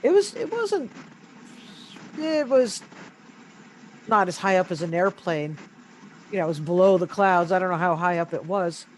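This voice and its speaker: Man, high-pitched voice, interview guest, animated storytelling, lots of fillers. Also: normal speed, pauses often, slight background noise. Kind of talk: casual interview talk.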